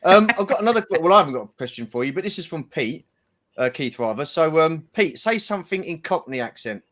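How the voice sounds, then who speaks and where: This man is a livestream host talking over a video call. His voice is slightly higher than usual for a man, and he speaks in a friendly, gushing way, full of everyday slang. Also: very animated, quick pace, fairly bright tone. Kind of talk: casual livestream chat.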